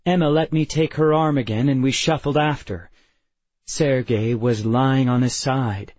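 A male narrator reads a first-person audiobook in a slow, measured way. His voice carries a husky grain. The recording is dry and slightly dull. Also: mid-range voice, a little mellow, no room sound. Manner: measured, unhurried.

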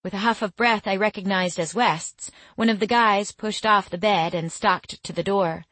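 A woman giving scripted first-person audiobook narration in a measured, intimate storytelling manner. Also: mid-range voice, steady tone, fairly bright tone, no echo.

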